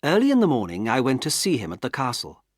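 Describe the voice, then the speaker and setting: A man narrating a graded-reader classic as an audiobook, with clear, measured storytelling. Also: mid-range voice, huge pitch swings, no echo, clean studio sound.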